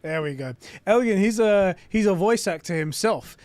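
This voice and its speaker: A man hosting a casual live stream, reading aloud and reacting with excitement and frequent swearing. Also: high-pitched, moderate pace, no room sound.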